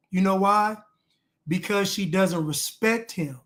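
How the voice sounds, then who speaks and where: A man's voice: sits high, takes it slowly, fairly bright tone. A man reacting to clips with blunt, emphatic commentary, repeating lines for emphasis.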